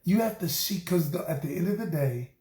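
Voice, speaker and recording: Animated high-voiced male coach, echoey room. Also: brisk. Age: middle-aged. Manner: animated, preachy, addresses listeners as y'all. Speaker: relationship coach and host. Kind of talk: motivational talk to camera.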